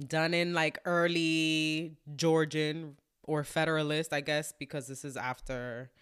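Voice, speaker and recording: Woman podcast co-host, slightly low voice, easygoing trivia sharer. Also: level tone, measured pace, fairly bright tone, clear, resonant tone. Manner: chatty, offers trivia. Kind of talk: casual movie chat.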